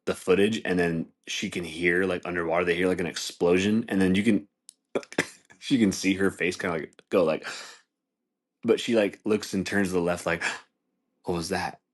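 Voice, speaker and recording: A man's voice: sits low, steady tone, moderate pace. A man hosting a podcast, rambling in casual chat with a lot of swearing and restarts. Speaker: podcast host.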